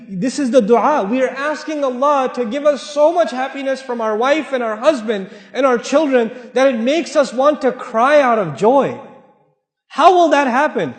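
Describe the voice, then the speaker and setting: A man giving a sermon to a live audience, direct and joking, repeating points for emphasis. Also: very high voice. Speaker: speaker giving a talk. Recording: echoey hall, long reverb.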